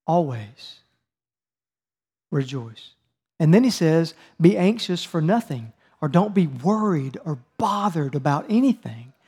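A man's voice: fairly high pitch, expressive, normal speed, hardly any pauses, dark tone, breathy edge. A man preaching a teaching sermon, reading scripture and calling on his listeners to answer aloud. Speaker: preacher leading a Bible study.

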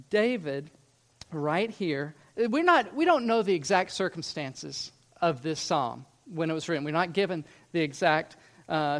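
A man who grew up in Scotland, preaching a sermon in an earnest, emphatic way and asking the listeners rhetorical questions. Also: high voice. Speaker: pastor.

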